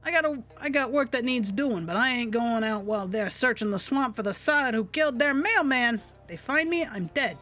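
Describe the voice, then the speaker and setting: A woman doing a gruff boastful male hunter. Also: a little high, expressive, moderate pace, few pauses, fairly bright tone. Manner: rough dropped-grammar talk, defensive and boastful.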